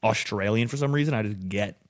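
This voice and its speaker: A man's voice: fairly low pitch, brisk, no echo, studio quality. A man as a podcast guest, telling stories loosely and casually, swearing a lot and acting out what people said. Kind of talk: casual storytelling.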